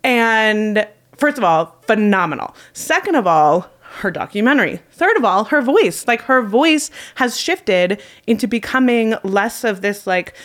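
Young woman podcast co-host, mid pitch, conversational, with quick asides. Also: big pitch swings, fairly bright tone. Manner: chatty, quick asides, laughs often. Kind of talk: casual chat.

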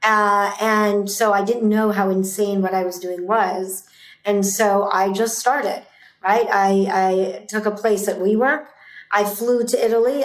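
Intense, emphatic woman in a roomy space. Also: medium pitch. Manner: intense, emphatic, swears when fired up. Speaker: guest, entrepreneur. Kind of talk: emotional interview talk. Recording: roomy echo.

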